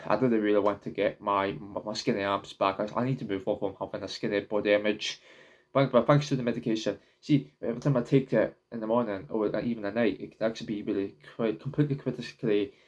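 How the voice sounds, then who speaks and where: A man's voice: on the low side, steady tone. A young man talking casually to camera in his own vlog, rambling, often stopping and restarting his words. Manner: halting, repeats and restarts words. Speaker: vlogger.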